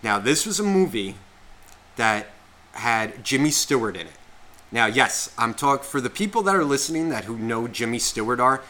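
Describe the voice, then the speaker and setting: A man in his thirties tells a story on a podcast in an unscripted, rambling way, peppering it with swearing and endless "like"s. His voice is bright and forward, sitting at an ordinary pitch for a man. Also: sing-song, moderate pace. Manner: rambling, heavy profanity, constant "like" fillers. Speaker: podcast co-host. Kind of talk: casual storytelling chat.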